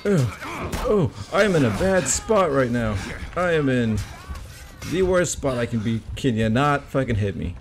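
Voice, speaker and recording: A man talks over his own gameplay, swearing freely and yelping or groaning as things go wrong or right. His voice is gravelly, with pitch swinging widely and an unhurried pace. A faint hiss of noise sits behind him. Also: faint music behind. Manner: swearing, excitable yelps and groans. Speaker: gamer commenting on his own play. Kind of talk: casual gameplay commentary.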